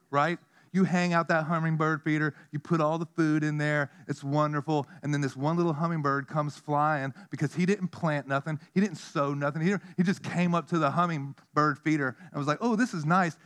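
A man preaching with a fairly high voice. He tells stories with animation, drops to a quiet hush at times, then climbs back up to a loud, excited pitch. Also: fairly quick. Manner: animated storytelling, swinging from hushed to loud. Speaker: pastor. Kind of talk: sermon.

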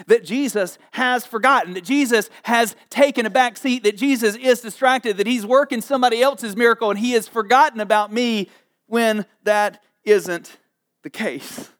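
A man preaching a sermon in a lively, jokey way, acting out the people in the story. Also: very high voice, normal speed. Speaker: pastor.

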